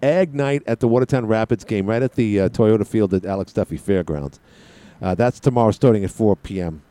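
A call-in radio host talks in a lowish, warm voice and a brisk delivery. His on-air chat is rambling and humorous, constantly wandering into side topics.

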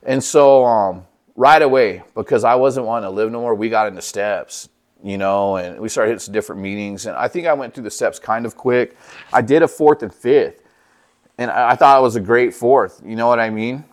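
A man's voice: mid-range voice, moderate pace. A man sharing his recovery story in a casual, profane way, acting out what people said. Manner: profane, laid-back, acts out quoted dialogue.

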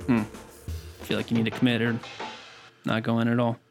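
A man's voice: medium pitch, monotone, vocal fry, soft background music. A man in his thirties co-hosting a casual chat show, often stopping and restarting his sentences. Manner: rambling, halting restarts. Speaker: podcast co-host.

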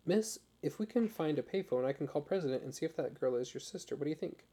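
Man doing an upbeat young missionary guy, brisk and friendly, a little higher, gravelly, warm-dark tone. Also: animated. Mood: eager. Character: cheerful young male American missionary.

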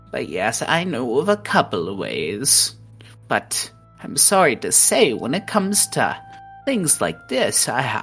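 A woman's voice: deep voice, slightly rough, pitched above the performer's own voice, heavily acted. A woman voicing a sly, sickly sweet old hag granny who calls everyone dearie.

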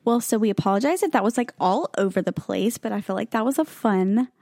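A woman's voice: mid-range voice, expressive, a little fast, darkish tone, dry recording, studio quality. A young woman co-hosting a podcast, chatting casually with plenty of fillers and laughs. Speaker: podcast co-host. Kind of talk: casual chat.

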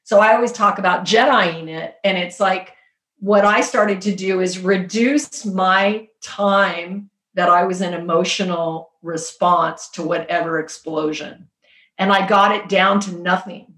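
A woman in casual conversation, telling her story in an earnest, animated way with spiritual talk. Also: fairly low pitch, unhurried, roomy sound. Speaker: podcast guest. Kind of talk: casual chat.

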